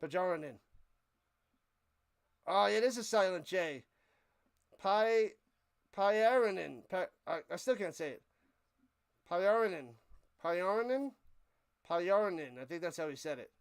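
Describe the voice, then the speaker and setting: A young man with a high, smooth and clear voice calls a live football game on his stream. He jokes around, plugs a friend's channel and laughs as he fumbles a player's name. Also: measured pace, pauses often. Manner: jokey, animated, stumbles over names. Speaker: play-by-play streamer and host. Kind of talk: live play-by-play commentary.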